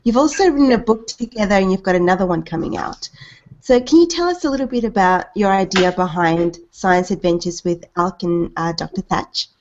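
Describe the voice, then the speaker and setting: A woman's voice: mid-range voice, fairly quick, a little mellow, a little hiss or hum. A woman moderating a panel discussion, asking the next question. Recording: dull online video call audio.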